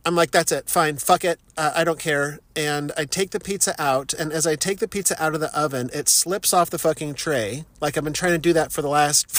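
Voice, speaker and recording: Middle-aged male vlogger, a bit high-pitched, profane, self-mocking storyteller, very dry sound. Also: no echo. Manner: profane, animated, self-mocking with frequent laughs. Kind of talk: casual storytelling.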